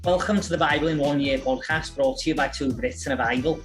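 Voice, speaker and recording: A man's voice: mid-range voice, fast talker, soft background music, close to an everyday voice. A man voicing a podcast announcer in a put-on Scouse accent, with a cheery, announcer-like delivery. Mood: upbeat. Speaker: podcast co-host.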